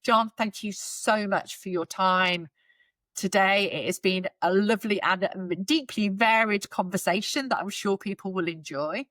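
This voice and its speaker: A woman hosts a career podcast in a mid-pitched, natural voice. She is encouraging and reflective, and she speaks articulately. The recording is close and dry. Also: measured pace, a bit bright, no room sound. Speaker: podcast host. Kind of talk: interview hosting.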